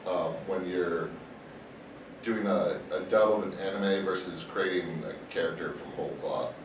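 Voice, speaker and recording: A man's voice: low-pitched, normal speed. A man interviewing a guest for a convention website, asking his question hesitantly, with lots of fillers. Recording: echoey room, distant mic, loud background noise.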